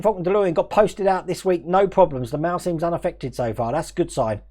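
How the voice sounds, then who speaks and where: A man from Australia with a mixed Australian and English accent, hosting a casual live stream, chatting quickly, laughing often and reading out viewer comments. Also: a little high, warm tone.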